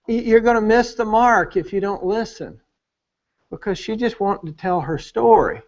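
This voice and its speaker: High-voiced man preaching animatedly. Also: moderate pace, highs cut off. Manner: animated, acts out quoted voices. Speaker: pastor. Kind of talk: preaching at a marriage conference. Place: church service hall.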